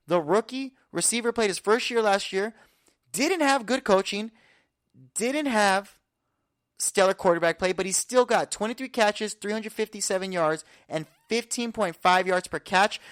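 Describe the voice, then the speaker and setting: A man hosting a podcast, giving an energetic, confident sports breakdown full of statistics. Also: high-pitched, dry recording, clean studio sound. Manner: energetic, confident, stat-heavy rundown. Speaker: podcast host. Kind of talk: casual sports analysis talk.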